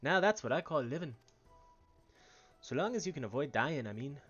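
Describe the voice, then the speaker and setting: A man's voice: a little high, very animated, moderate pace, a bit bright, slightly rough, lo-fi sound, soft background music, full character voice. A man voicing a chatty, folksy male merchant aboard a ship, reading game dialogue with a wobbly attempt at an Irish accent. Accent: attempted Irish, drifting. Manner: folksy, slangy, wavering accent.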